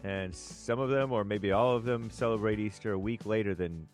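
A man's voice: on the low side, normal speed, darkish tone, soft background music. An American man co-hosting a live talk show, reading viewer messages and headlines with offhand comments and frequent chuckles. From United States.

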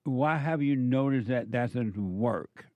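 A man's voice: medium pitch, slow pace, no echo, highs cut off. A male counselor delivering a preachy monologue, firing off emphatic rhetorical questions in a scolding tone.

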